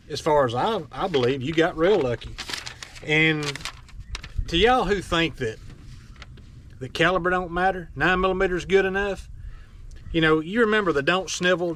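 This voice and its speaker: Blunt high-voiced man ranting. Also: a bit bright. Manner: blunt, scolding, folksy, with mocking asides. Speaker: firearms vlogger. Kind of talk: opinionated rant to camera.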